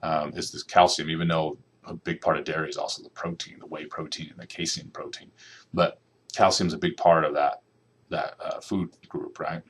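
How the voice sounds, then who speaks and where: A man's voice: very deep voice, flat delivery, normal speed, a little hiss or hum. A middle-aged man giving a classroom lecture, conversational and loose, often checking in with the students with "okay" and "right". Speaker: nutrition lecturer.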